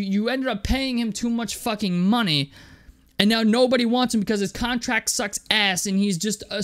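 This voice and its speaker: A young man delivering an angry, profane basketball rant, stumbling over and repeating his words as he vents. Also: high-pitched. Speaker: sports commentator.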